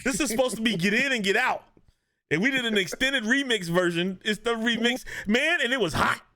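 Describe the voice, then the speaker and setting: High bright-voiced guy ranting on a podcast, laughs a lot, real animated. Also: a little fast. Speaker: podcast co-host. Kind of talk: casual podcast chat. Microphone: video podcast mic.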